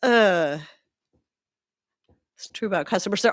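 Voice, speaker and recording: A woman's voice: sits low, expressive, normal speed, pauses often. Chatty woman hosting a livestream. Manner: chatty, rambling, reads chat comments aloud. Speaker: livestream host. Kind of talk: casual livestream chat.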